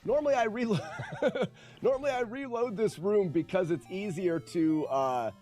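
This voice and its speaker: A man's voice: sits high, moderate pace, dark tone, faint music behind. A man streaming a game and commenting casually, rambling and self-mocking, often laughing and swearing. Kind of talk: casual live gameplay commentary.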